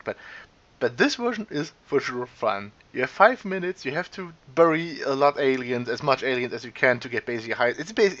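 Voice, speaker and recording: In this let's play commentary, a man of medium pitch with a slightly bright voice yelps, curses and argues with the screen while playing a retro game. He ends with a meandering wrap-up that keeps restarting, and the sound is lo-fi.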